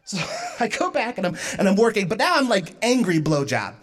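A woman doing stand-up, telling a story in an animated way, laughing along and shouting some punchlines. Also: mid-range voice, fairly quick, slight background noise. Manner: animated, laughing through her own lines, shouting punchlines. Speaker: stand-up comedian.

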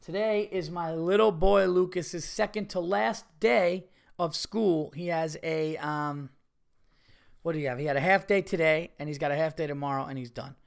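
Middle-aged guy podcast host, swears a lot, repeats himself, kinda high voice. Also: normal speed, vocal fry, clean tone. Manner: profane, repetitive, emphatic. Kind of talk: casual solo podcast rant.

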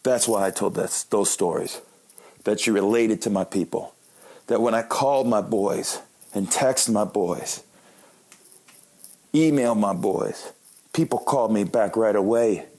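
A man's voice: lowish voice, a little slow, pauses often, darkish tone. A man in his late thirties, a comedian, telling joking, self-deprecating stories in a monologue. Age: late 30s. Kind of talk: comic storytelling monologue.

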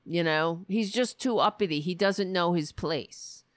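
A woman's voice: on the low side, measured pace, dry recording, studio quality. A woman hosting a political commentary show, ranting in a sarcastic, profane, exasperated way.

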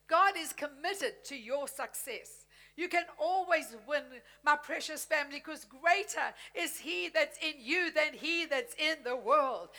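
Woman pastor, high and bright, exuberant laughing preacher delivering a sermon. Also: animated, unhurried.

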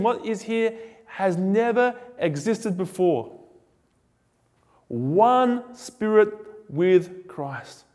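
A man preaching a sermon in a casual, joking, animated storytelling way. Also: sits high. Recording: echoey hall with long reverb.

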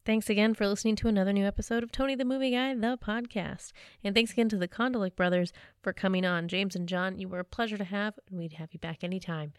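Crisp woman reading a podcast outro. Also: medium pitch, fairly even intonation, dry recording, clean studio sound. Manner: brisk, cheerful sign-off. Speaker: podcast co-host. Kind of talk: scripted outro read.

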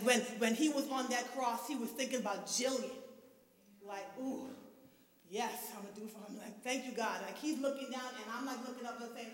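A woman preaching a lively, expressive sermon in a church that builds to shouted fervor. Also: high voice. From from abroad, grew up outside the country. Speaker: guest preacher. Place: church sanctuary. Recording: echoey hall, mic at a distance.

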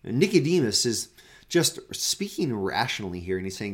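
A man's voice: on the low side, very animated, normal speed. Pastor guy doing a daily devotional, reads the verses then talks them through, repeats himself a lot. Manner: reads scripture aloud, then paraphrases it conversationally with frequent repeated words. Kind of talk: devotional Bible teaching.

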